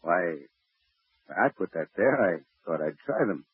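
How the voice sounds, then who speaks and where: A blustering guilty friend, deep. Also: male voice, animated, measured pace, husky, no echo, full character voice. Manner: defensive, blustering. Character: nervous adulterous friend, defensive. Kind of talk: 1940s radio acting. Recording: tinny old radio broadcast.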